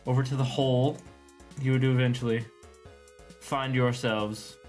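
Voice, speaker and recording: A man's voice: medium pitch, flat delivery, a little slow, a little mellow, faint music behind. A man running a tabletop game as game master, describing the scene casually and vividly, with some swearing.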